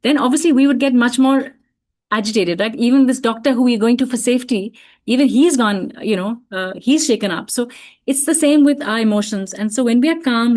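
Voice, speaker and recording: A woman explaining in a gentle, reflective way, often saying "you know" and restarting her sentences, in an online talk for parents. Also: fairly high pitch, brisk. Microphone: video call.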